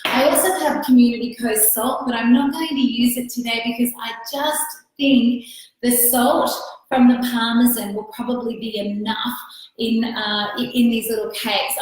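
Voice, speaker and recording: Australian woman, fairly high voice, chatty cookbook host, live cooking demo, very echoey home kitchen. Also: fairly even intonation, normal speed, soft background music. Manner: chatty, greets viewers by name, thinks aloud with fillers. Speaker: cookbook author hosting a live cooking stream. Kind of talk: casual live cooking demonstration.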